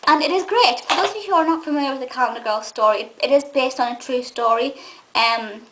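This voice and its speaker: A woman's voice: sits high, quick pace, a bit bright, slight background noise, poor audio. A young Scottish woman giving a gushing, chatty film review full of fillers and restarts. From Scotland. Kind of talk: casual film review monologue.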